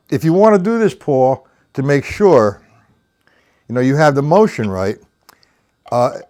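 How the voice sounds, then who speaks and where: A man teaching a live-streamed drum lesson, explaining patiently and counting the sticking aloud in a low murmur. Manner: slow, patient explaining, reads out chat names. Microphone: webcam or computer mic on a live stream.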